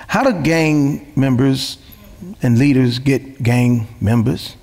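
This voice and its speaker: A man's voice: mid-range voice, slow, gravelly, darkish tone, big-room sound. A man preaching a sermon as pastor, emphatic, repeating phrases and asking rhetorical questions.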